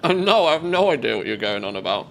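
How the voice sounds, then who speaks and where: A man's voice: mid-range voice, sing-song, quick pace, creaky, a bit bright, a little hiss or hum. A man streaming a game live, thinking aloud and chatting casually with his viewers. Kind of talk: casual live-stream commentary while playing.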